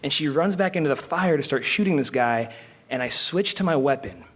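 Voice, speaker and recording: A man telling a long comic story on stage at a live podcast recording, animated and swearing, acting out shouts from the story. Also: a little high, fairly quick, breathy edge. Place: convention theater before a live audience. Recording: live stage mic with faint noise.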